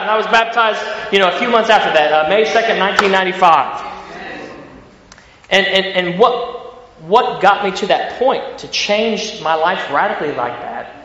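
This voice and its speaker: Late-30s male preacher, Ohio country accent, high and bright, echoing in a big hall. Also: normal speed, background noise. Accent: Ohio country American. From Ohio, US Midwest. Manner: energetic, repeats words, frequent fillers. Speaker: pastor. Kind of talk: sermon. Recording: echoey hall, dull sound.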